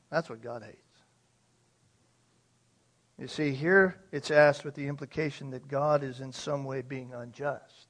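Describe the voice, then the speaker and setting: A man's voice: mid-range voice, fairly even intonation, unhurried, long pauses, a bit bright. A man preaching a sermon with emphasis, posing rhetorical questions to his listeners. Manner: emphatic, uses rhetorical questions and acted quotes.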